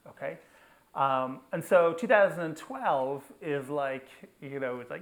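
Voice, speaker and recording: A man giving an energetic technical talk at a conference, often checking in with the audience by asking "okay?" or "right?". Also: fairly high pitch, measured pace. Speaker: conference speaker. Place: conference venue.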